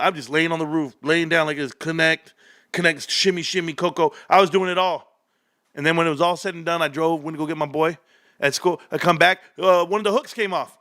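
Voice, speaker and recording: Energetic male streamer, 30s, rambling and animated, bright tense tone. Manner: hyped, rambling, loud swings, laughs often; lower storytelling mode. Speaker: stock livestream host. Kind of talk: excited livestream ranting.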